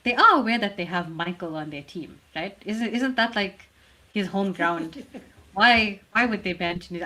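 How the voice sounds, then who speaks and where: A woman casting a live esports match, playful in banter and quick in her play-by-play calls. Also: mid-range voice, sharp tone, rough recording. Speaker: esports caster.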